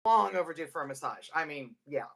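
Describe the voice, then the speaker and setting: A woman in her fifties co-hosts a casual chat, spinning a story with plenty of laughter. Her voice is bright and clear. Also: low voice, brisk. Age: 50s. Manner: animated storyteller, laughs often. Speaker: podcast co-host.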